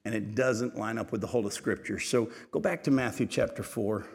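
A male pastor giving a sermon, reading scripture aloud with rising intensity and then retelling it in a quieter, conversational way with asides to the congregation. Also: fairly quick, creaky, breathy edge, in a large hall. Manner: rises in pitch and volume when reading aloud, drops low and quiet when retelling.

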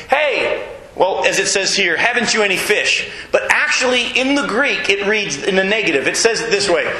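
A man preaching a sermon, animated storytelling that acts out voices and sometimes shouts. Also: sits high, reverberant, poor audio. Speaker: pastor.

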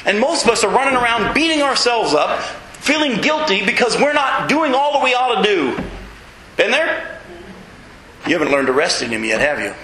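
A man preaching a sermon in a folksy, emphatic way, with self-mocking humor and sudden high leaps in pitch to stress his points. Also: sing-song, normal speed, sharp tone, roomy sound, slight background noise, rough recording. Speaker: pastor.

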